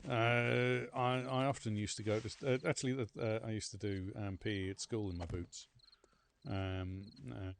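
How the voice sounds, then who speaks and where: A man's voice: on the low side, fairly even intonation, normal speed, a little hiss or hum. A man streaming a survival game, chatting casually with rambling stories and free swearing. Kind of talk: casual gameplay commentary.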